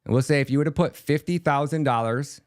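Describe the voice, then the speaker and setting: Man, podcast host, casual monologue, mid pitch, rambling, lots of fillers, acts out dialogue. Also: fast, smooth. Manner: chatty, loose, acts out quoted dialogue, many fillers.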